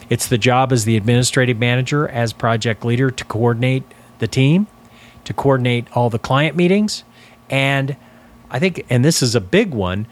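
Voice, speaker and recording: Male business coach, deliberate and emphatic, explaining step by step in an instructional talk. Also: mid-range voice, slight background noise. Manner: deliberate, emphatic, stresses key words. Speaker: business coach for financial advisors.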